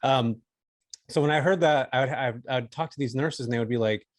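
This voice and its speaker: A California man in his forties tells a story as a podcast guest, keeping it laid-back and slangy with "dude" and "bro" thrown in. He speaks at a quick pace in a medium-pitched voice. The casual storytelling interview is recorded with no echo.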